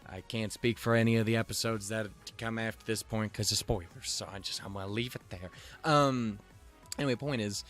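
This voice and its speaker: A man's voice: on the low side, fairly even intonation, fairly quick, fairly bright tone, soft background music. A man giving a casual episode recap with rambling, restarting sentences and offhand swearing. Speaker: show reviewer.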